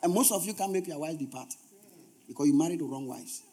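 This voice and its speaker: A man's voice: a little high, fast talker, mellow. A man preaching a sermon as pastor, emphatic, repeating phrases for stress and dropping humorous asides to the congregation.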